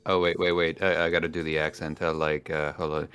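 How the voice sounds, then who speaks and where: A man's voice: very deep voice, flat delivery, fairly quick, a bit bright, clean tone, soft background music. A man chatting as a guest on a casual livestream, playful, laughing often and trading puns.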